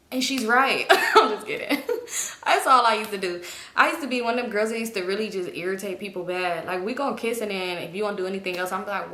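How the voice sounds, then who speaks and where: A young woman vlogger telling a storytime tale in an animated, chatty way, laughing often. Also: medium pitch, fairly quick, roomy sound. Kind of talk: storytime vlog.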